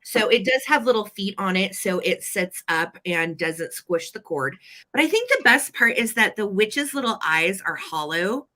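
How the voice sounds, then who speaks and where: A woman's voice: medium pitch, expressive, normal speed, pushed and bright. A woman co-hosting a live vintage sale, chatty and playful as she describes items in detail. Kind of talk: live-stream auction chat.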